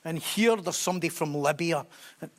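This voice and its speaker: High-voiced man preaching. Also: a little fast, a bit bright. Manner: emphatic, repeats key phrases for stress. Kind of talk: sermon.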